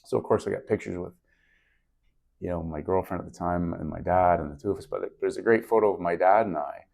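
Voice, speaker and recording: Middle-aged guy guesting on a podcast, kinda low voice, earnest and reflective, just chatting. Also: fairly quick, vocal fry, a little mellow. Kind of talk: casual interview storytelling.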